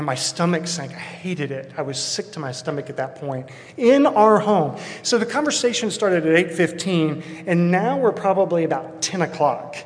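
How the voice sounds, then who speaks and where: A man's voice: on the high side, big-room sound. A man from Texas, preaching as a pastor and telling a personal story in an earnest, reflective way. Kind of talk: sermon.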